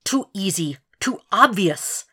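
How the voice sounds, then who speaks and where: A woman's voice: mid-range voice, lively intonation, takes it slowly, sharp tone, husky, voice pushed up, exaggerated voice. Woman voicing a nagging inner voice. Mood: warning. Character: nagging male inner voice, warning, knowing.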